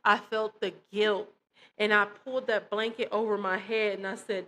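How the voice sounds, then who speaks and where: A woman of ordinary, mid-range pitch recounts her personal faith story in loose, conversational storytelling. She speaks earnestly and with feeling, often turning to her listeners directly as if chatting with friends. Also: flat delivery, normal speed, fairly bright tone. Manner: emotional, earnest, addresses listeners as "y'all". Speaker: christian testimony vlogger. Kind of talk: personal testimony, casual storytelling.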